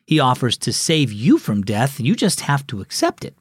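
A man's voice: medium pitch, big pitch swings, normal speed, husky, no room sound. Guy hosting a kids devotional, bouncy upbeat delivery, dry close mic. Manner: warm, encouraging, addresses kids directly. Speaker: children's devotional host. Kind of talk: scripted narration.

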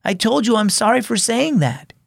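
A man's voice: sits high, sing-song, normal speed, gravelly, no echo, clean studio sound, pitched above the performer's own voice, full character voice. A man voicing an earnest, apologetic boy who is babysitting his little brother in a storybook reading.

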